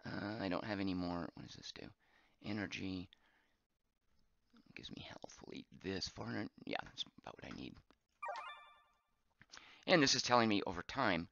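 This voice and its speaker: A man streaming a game live, chatting as he plays, reading viewer comments aloud and thinking out loud, his voice getting hoarse. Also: sits low, lively intonation, moderate pace, long pauses, dull audio. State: voice going hoarse.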